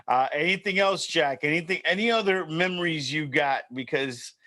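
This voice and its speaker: A man's voice: fairly high pitch, normal speed, sharp tone. A man hosting a casual chat show, upbeat and chummy, often saying "man" and "you know". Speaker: show host.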